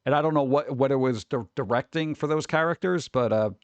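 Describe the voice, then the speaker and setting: A man's voice: a little fast, clear, resonant tone, dry recording, lo-fi sound. Rambling male streamer, dry close mic. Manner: rambling, mocking impressions with sudden high-pitched jumps. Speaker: streamer host. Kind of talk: casual live-stream chat.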